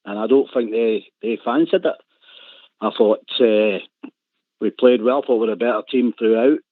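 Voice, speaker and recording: A man's voice: medium pitch, moderate pace, dry recording. A man talking as a radio pundit in casual phone-in chat, rambling and repeating his words. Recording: tinny phone line.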